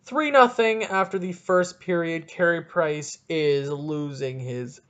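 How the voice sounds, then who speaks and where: A young man hosting a solo casual podcast, rambling and joking at himself in an animated way. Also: a little high, slow, clean tone, dull audio. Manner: rambling, jokey, animated, self-deprecating. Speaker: podcast host.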